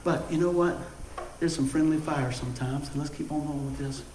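A man preaching a sermon, telling animated stories and calling out for responses from the congregation. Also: fairly high pitch, fairly quick, reverberant, a little hiss or hum, low-quality recording. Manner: animated storytelling with call-and-response. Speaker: pastor.

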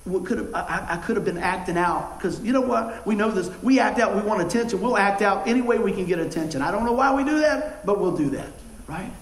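Male preacher, high voice, animated storyteller, echoey room. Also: a little fast, few pauses. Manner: animated storytelling with call-and-response. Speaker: pastor. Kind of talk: sermon.

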